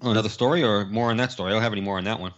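A man's voice: lowish voice, very fast, highs cut off. A man co-hosting a casual podcast, exhausted, telling stories in a dry, plain way. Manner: tired, dry, plain storytelling. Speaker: podcast co-host. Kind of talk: casual chat.

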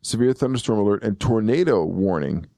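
A low-pitched man with a gravelly edge hosts a loose podcast chat. He rambles, corrects himself and chuckles along. The sound is dry and close. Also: lively intonation, fairly quick, warm tone, no echo. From eastern Pennsylvania. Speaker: podcast host. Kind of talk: casual chat.

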